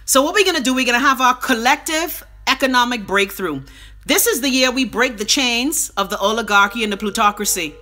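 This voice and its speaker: A woman's voice: on the high side, brisk, pushed and bright. A middle-aged Bahamian woman hosting a casual live stream. She rambles from topic to topic with salty, profane talk.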